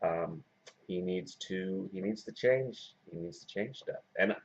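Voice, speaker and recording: Low-voiced man in his forties, rambling vlog. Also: unhurried. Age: 40s. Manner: self-described monotone, rambling with many fillers and restarts. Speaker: wrestling blogger and video host. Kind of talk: casual video blog chat. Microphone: camera mic. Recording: dull lo-fi camera audio.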